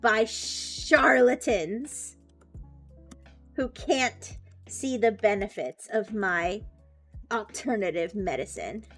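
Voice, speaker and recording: A woman voicing a disgraced male robot fish doctor who speaks in a loud, grandiose and indignant way, with faint music behind. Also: medium pitch, slow pace. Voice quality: loud projecting voice.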